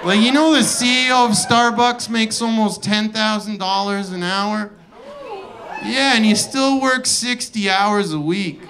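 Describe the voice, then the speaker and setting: A male comedian doing a profane, incredulous stand-up rant on a club stage, breaking into shouted outbursts. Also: sits high, measured pace, some chatter behind. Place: comedy club stage before a live audience. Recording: live club audience laughing. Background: audience laughter.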